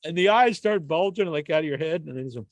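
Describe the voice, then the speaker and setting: A man co-hosting a podcast in casual chat, an animated storyteller who laughs often and acts out sounds. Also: on the high side, fast talker, no echo. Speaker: podcast co-host.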